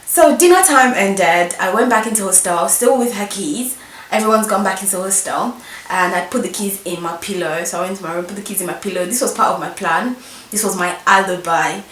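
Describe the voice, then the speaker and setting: A woman's voice: medium pitch, fairly quick. Young woman, mischievous storyteller, echoey room, distant mic, faint hiss. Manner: animated, emphatic, mischievous. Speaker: vlogger. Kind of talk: storytelling about her school days. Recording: roomy echo, distant mic.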